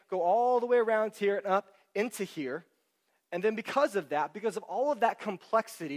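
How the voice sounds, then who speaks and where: A man preaching a sermon in a church, speaking into a microphone. He explains things in an animated way and keeps asking the congregation rhetorical questions. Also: high-pitched. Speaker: pastor. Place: church hall with sound system. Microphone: handheld or stand microphone.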